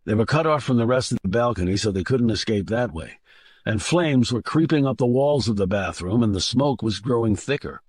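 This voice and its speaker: A man narrating a thriller audiobook in a steady, measured way. His voice sits at an ordinary middle pitch. The recording is dry and close-miked, with no room echo at all. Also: breathy edge. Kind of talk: scripted narration.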